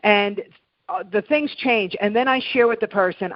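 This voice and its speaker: A woman's voice: medium pitch, expressive, a little slow, no room sound. A middle-aged woman talks in an earnest, coaching way and leans on repeated phrases for emphasis. Her voice sits in a middle range. The sound is dry and slightly dull, like lo-fi remote audio. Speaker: podcast guest, happiness coach. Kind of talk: motivational interview talk.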